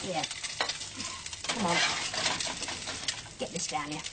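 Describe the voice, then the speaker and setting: A woman's voice: sits low, slow pace, heavy background noise. An actress playing a proud, fussing middle-aged police officer and mother in a TV police drama. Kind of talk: 1980s British TV police drama.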